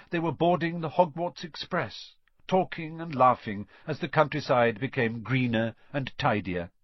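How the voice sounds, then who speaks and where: A man reads a children's fantasy audiobook with lively, expressive phrasing and a voice that rises and falls a lot. The recording is dry, close and a little dull. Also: medium pitch, no room sound. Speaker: audiobook narrator. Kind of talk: scripted narration.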